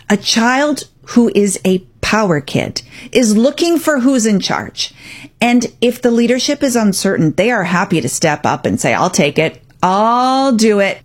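A woman hosts a radio talk show and talks through parenting advice. Her delivery is firm and direct, like a coach. Her pitch sits in the middle range.

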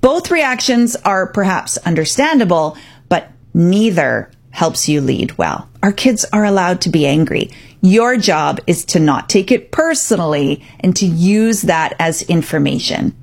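A woman's voice: lowish voice, animated, a little slow. A woman hosting a radio talk segment as a parenting coach, speaking directly and emphatically. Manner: direct, emphatic, acts out parent and child quotes.

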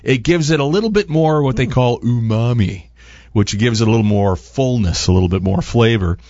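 A man's voice: medium pitch, a little fast, darkish tone, dry recording, muffled recording. A man chatting casually through a cooking segment as a radio host and chef, rambling with plenty of fillers. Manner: rambling, easygoing, lots of fillers.

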